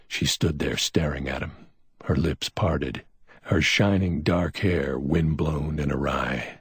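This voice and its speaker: A man narrating a crime story in a measured, dramatic storytelling manner, recorded on a close mic. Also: rumbling low, slightly rough, dry recording. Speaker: audiobook narrator. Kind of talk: scripted narration.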